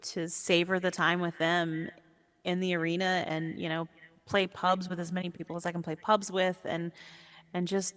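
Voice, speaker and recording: Lively woman with a long echo. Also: fairly low pitch, moderate pace. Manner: warm, animated, laughs easily. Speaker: guest, VR sport caster. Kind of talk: casual interview chat. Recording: long echoey reverb.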